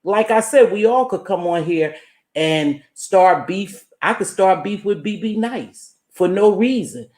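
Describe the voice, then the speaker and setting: A woman's voice: mid-range voice, expressive, unhurried, a little mellow, echoey room. A woman hosting a casual livestream, giving emphatic, preachy motivational talk and breaking off to greet chat viewers. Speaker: livestream host.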